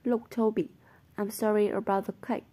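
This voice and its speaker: A woman's voice: mid-range voice, level tone, normal speed, mellow, close to an everyday voice. A woman reading the lines of an earnest, bruised teenage boy who fights, in a blunt, questioning way.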